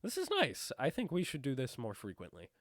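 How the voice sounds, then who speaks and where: Congested young man with a lively voice. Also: medium pitch, a little fast, no room sound, clean studio sound. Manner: laid-back, joking. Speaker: podcast co-host. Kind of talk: casual podcast chat.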